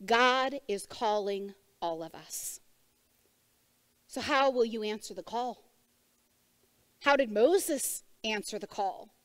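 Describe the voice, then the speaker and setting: A woman preaches to her church in a high, bright register, speaking at an unhurried, deliberate pace. Her voice is close and dry with almost no room sound. Her sermon is conversational and she asks the congregation direct questions. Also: no room sound. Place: church service before a congregation.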